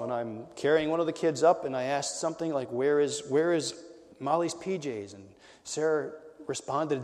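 A man preaching a conversational sermon as a pastor, swinging between loud emphasis and quiet, intimate lines. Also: medium pitch, in a large hall.

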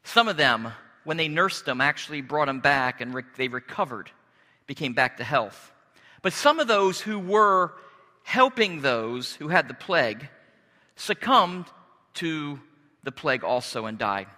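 A man preaching a sermon as pastor, earnest and deliberate, pausing and restarting as he speaks. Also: fairly high pitch, lively intonation, bright, forceful tone, long reverb tail.

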